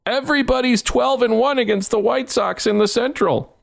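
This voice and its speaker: A smug male baseball announcer, mocked by a man putting on the voice, sings out his lines in a high, sneering parody. The delivery is exaggerated and sarcastic, far above the performer's usual pitch. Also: normal speed, creaky, full character voice. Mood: mocking. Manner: mocking, high sing-song parody.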